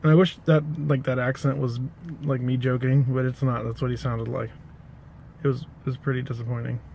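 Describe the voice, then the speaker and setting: A man's voice: mid-range voice, flat delivery, brisk, gravelly, darkish tone, a little hiss or hum. A man casually telling an anecdote to the camera, rambling, correcting himself and adding dry asides. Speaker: pipe-smoking vlogger.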